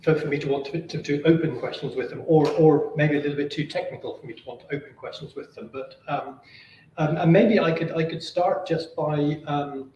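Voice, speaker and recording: A man chairing an academic seminar and asking questions, halting, with many fillers and repeated words, over a video call. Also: on the high side, mellow. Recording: distant, roomy, dull and lo-fi, faint noise.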